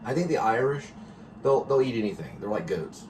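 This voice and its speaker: A man's voice: medium pitch, expressive, fairly quick, background noise. A man hosting a casual home vlog, rambling and reflective, often circling back to correct himself. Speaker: vlog host.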